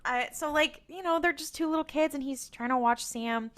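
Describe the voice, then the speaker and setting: A woman's voice: high-pitched, moderate pace, fairly bright tone. A woman co-hosting a casual recap podcast, telling the story with lots of energy, acting out lines and laughing often. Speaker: podcast co-host.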